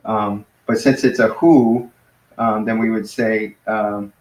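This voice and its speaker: A man teaching a small Greek class in a casual way, explaining step by step and patiently, with many pauses and fillers. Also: on the low side, steady tone, darkish tone, slight background noise. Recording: echoey room.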